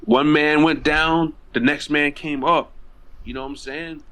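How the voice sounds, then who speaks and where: Fired-up guy w a higher voice, blunt, cusses nonstop. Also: a little slow. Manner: excitable, blunt, heavy swearing. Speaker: podcast guest. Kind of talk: casual wrestling chat.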